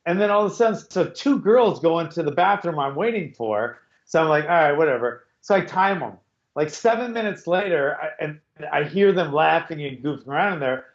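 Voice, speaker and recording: A man's voice: on the high side, lively intonation, brisk. A middle-aged man with a slightly raised voice tells a rambling story over a video call, circling back and restarting his sentences as he goes. The audio is dull and muffled, and his voice rings in an echoey room. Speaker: podcast host. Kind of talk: casual chat.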